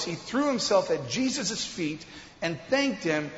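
A man preaching a sermon as a pastor, asking the congregation questions and building up to loud emphasis. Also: high-pitched, big pitch swings, a little slow, a little hiss or hum. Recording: echoey hall, dull lo-fi sound.

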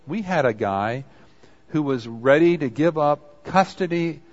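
A man's voice: fairly high pitch, lively intonation, measured pace, muffled recording. A man preaching a conversational sermon, acting out quoted apologies as he goes. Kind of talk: sermon on confession.

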